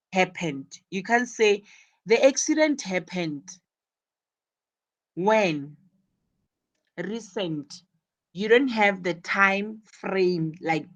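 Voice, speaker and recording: A woman teaching an English lesson online, explaining slowly and repeating her key points. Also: mid-range voice.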